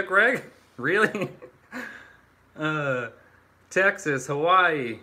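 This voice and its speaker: A man's voice: a little high, animated, extremely slow, pauses often, pushed and bright. A young man from Canada hosting a casual livestream, reading out viewer comments in a loose, joking way with plenty of swearing and laughter.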